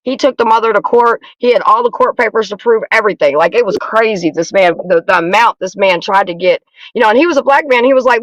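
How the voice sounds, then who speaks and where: Fiery high-voiced middle-aged woman. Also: fast talker, no room sound, poor audio. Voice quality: profane, emphatic. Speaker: panel guest. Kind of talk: heated casual chat. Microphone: phone or video call.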